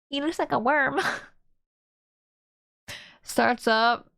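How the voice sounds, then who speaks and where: Playful woman streamer, unhurried talk, game music audible beneath. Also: sits high, gravelly. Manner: playful, exclamatory, laughing. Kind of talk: game playthrough commentary.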